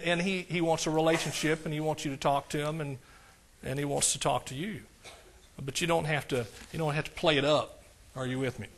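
Folksy East Texas preacher, slightly high voice. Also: male voice. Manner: folksy, calls for amens, rises high and loud on emphatic points. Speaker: pastor. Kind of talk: conversational sermon. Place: church.

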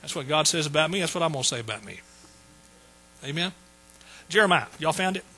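A man's voice: fairly high pitch, expressive, a little fast, bright, forceful tone, husky, low-quality recording. A man preaching a sermon in a folksy, joking way. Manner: folksy, joking asides to the congregation. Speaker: pastor.

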